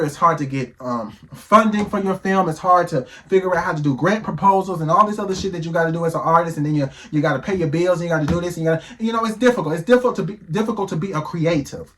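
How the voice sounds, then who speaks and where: A man giving heated reaction commentary, firing off rhetorical questions and swearing freely. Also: a little high.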